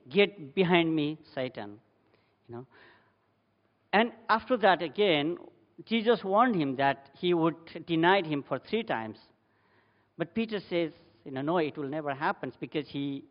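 Guy preaching, says you know a lot, kinda muffled, echoey hall. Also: a little high. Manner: emphatic with rising bursts, many "you know" fillers. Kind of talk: sermon. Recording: dull sound with long hall reverb.

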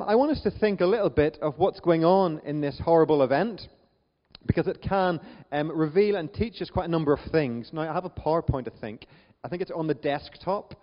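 Northern Irish male preacher, chatty sermon, slightly high voice, long reverb. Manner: chatty, self-deprecating, frequent ums. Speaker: visiting preacher. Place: church hall. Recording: dull church recording with long reverb.

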